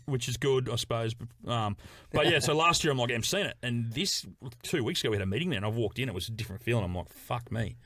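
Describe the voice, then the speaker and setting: A man tells wild stories on a podcast in a bright, forward voice. He is animated, laughing often and swearing freely. The sound is dry and close, with a middle-range pitch. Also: fast, no room sound. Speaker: podcast guest. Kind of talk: casual podcast storytelling.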